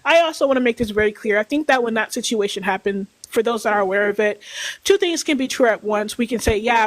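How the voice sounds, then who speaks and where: The host of a livestream panel, moderating quickly and trying to calm a heated argument. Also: mid-range voice. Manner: rapid, placating, trying to restore order.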